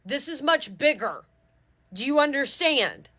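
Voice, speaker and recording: A woman's voice: high voice, lively intonation, unhurried, sharp tone. A woman giving a tarot reading in an urgent, preaching way, often asking if listeners understand and swearing casually. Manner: fervent, preachy, repeats "do you understand". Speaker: tarot reader.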